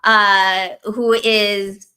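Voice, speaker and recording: A woman's voice: mid-range voice, little pitch movement, drawn-out words, sharp tone. A woman co-hosting a podcast, ranting in casual chat, heated and profane, full of filler words. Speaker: podcast co-host.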